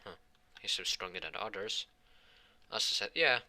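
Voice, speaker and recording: A man improvising a fan fiction story, rambling and halting as he voices the characters' lines in his own voice. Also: on the low side, vocal fry, pushed and bright. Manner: rambling, halting delivery with many restarts.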